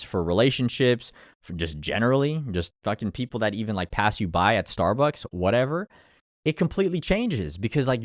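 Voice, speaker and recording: A man giving a casual motivational talk to camera as an online coach, candid and swearing freely, acting out his own inner thoughts, with energy that swings from hushed to emphatic. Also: medium pitch, no echo, clean studio sound. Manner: energy rises and falls between hushed and emphatic.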